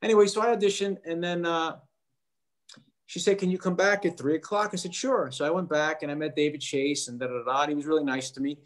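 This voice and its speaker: Animated man telling a story. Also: a little high, fast talker. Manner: animated, acts out quoted voices. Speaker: actor guest. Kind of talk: casual interview storytelling.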